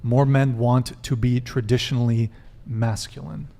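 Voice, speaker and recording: A man's voice: medium pitch, little pitch movement, unhurried, creaky, mellow. Man hosting a live dating panel. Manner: reads viewer messages aloud and questions guests. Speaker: host.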